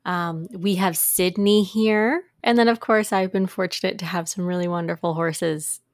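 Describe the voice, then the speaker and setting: A woman's voice: fairly low pitch, steady tone, moderate pace, no room sound, studio quality. A woman co-hosting a podcast in casual chat, talking in a chatty, emotional way with frequent laughs. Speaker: podcast co-host.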